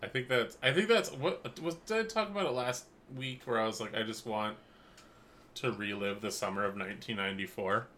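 A man in his thirties co-hosting a podcast, teasing and quick to laugh. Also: on the low side, sharp tone, slight background noise. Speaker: podcast co-host. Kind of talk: casual chat.

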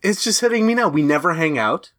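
A man narrating his character in an improvised tabletop role-play, in slow, drawn-out storytelling. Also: on the high side, lively intonation, a bit bright.

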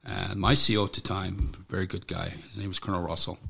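A middle-aged man, a military veteran, telling his own story in an interview, blunt and profane with halting restarts. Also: deep voice, level tone, creaky, pushed and bright, husky. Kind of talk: personal account in an interview.

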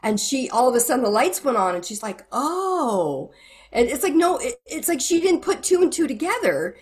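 A woman's voice: sits high, brisk. A middle-aged woman, a guest who counsels wives, speaking frankly and earnestly in a candid interview. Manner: earnest and frank, retells conversations with animated quoting.

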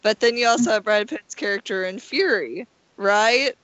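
A woman's voice: medium pitch, moderate pace, fairly bright tone, no echo, muffled recording. A woman co-hosting a casual podcast, joking and teasing, with rambling asides. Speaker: podcast co-host. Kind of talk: casual chat.

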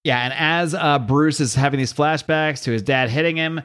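A man reading a comic book aloud, retelling the panels with lively asides as the host. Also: on the high side, moderate pace, clear, resonant tone.

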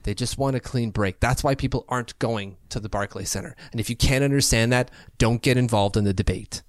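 A male hockey podcast co-host with a mid-range voice, talking in an animated, opinionated way. He often stumbles and restarts his sentences. The sound is dry and close to the mic. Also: medium pitch, brisk, no echo. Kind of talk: casual chat.

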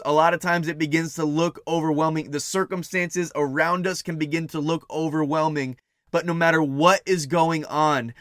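Earnest preacher man, bright-pitched. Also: no room sound, studio quality. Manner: earnest, repetitive, building emphasis. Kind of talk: sermon.

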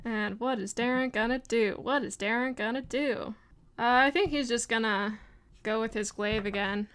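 A woman's voice: fairly high pitch, moderate pace, a bit bright, a little hiss or hum. A woman running a tabletop role-playing game as game master, narrating casually with many fillers.

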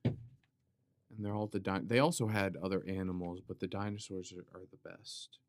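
A man hosting a podcast, talking in a playful, rambling comedic monologue that wanders off on tangents, with sudden loud outbursts. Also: sits low, steady tone, normal speed, no echo, clean studio sound. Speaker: podcast host.

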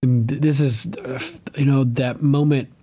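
A male podcast host recapping a TV episode in relaxed, casual chat. He is animated, laughs often and swears freely. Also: mid-range voice, normal speed.

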